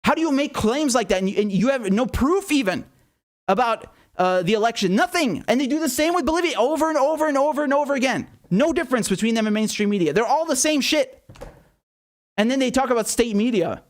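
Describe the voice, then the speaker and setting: A man's voice: very high voice, animated, fairly quick. A man hosting a political commentary show, ranting with anger and profanity, often repeating himself, then mocking headlines sarcastically. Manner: angry, profane, repetitive ranting.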